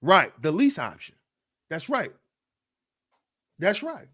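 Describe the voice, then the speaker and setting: Animated high-voiced male host. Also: slow, slightly rough. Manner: animated, mocking, keeps asking "you see". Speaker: podcast host. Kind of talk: livestream commentary.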